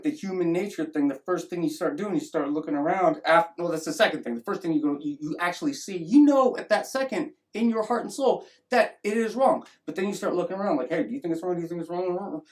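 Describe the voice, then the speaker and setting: A man's voice: on the high side, brisk, a little mellow. A man giving a rambling opinion monologue as a vlogger, often restarting and acting out mocking voices.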